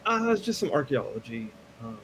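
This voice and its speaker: A man's voice: mid-range voice, big pitch swings, a little fast, a bit bright, slight background noise. A man playing his character in a tabletop game, speaking in a hesitant, casual and polite way. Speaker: player.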